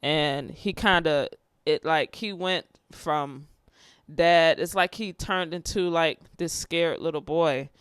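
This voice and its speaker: A woman's voice: deep voice, slow, clear, resonant tone, dry recording, clean studio sound. A young woman candidly telling a personal story in a casual, emotional way, with many fillers and restarts.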